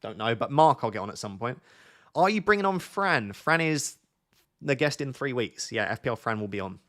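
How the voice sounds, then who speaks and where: Male streamer, mid-pitched, joking, waffly, casual chat. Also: lively intonation, normal speed, a bit bright.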